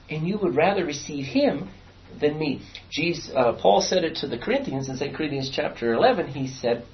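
This is a Bible study teacher working through scripture with a small class. The voice rises and falls freely as it explains and asks questions. It sounds distant and muffled on a lo-fi recording. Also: mid-range voice. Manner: lively, explains and quizzes the class. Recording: distant, dull lo-fi room recording.

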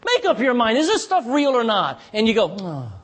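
A man preaching a sermon as pastor, impassioned and pleading, with sudden drops to a hush. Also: very high-pitched, very animated, a little fast.

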